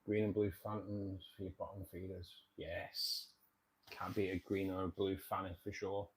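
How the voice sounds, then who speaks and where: A man's voice: deep voice, little pitch movement, normal speed, a little hiss or hum. Chatty man hosting a fish stream. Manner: chatty, jokey, repeats himself. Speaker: livestream host reading viewer comments. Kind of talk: casual livestream chat.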